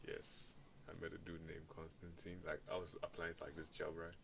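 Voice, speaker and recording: Excitable young man, faint background hiss. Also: a bass voice, a little fast, vocal fry. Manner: excitable storyteller, says "bro" and "like" a lot. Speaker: podcast co-host. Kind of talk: casual chat.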